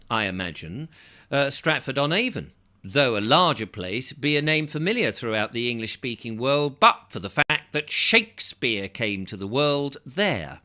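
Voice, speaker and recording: A man reading an old travel book aloud, breaking off now and then for casual, joking asides. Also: mid-range voice. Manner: lively reading broken by chatty, joking asides. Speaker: audiobook reader. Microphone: close microphone, near overload.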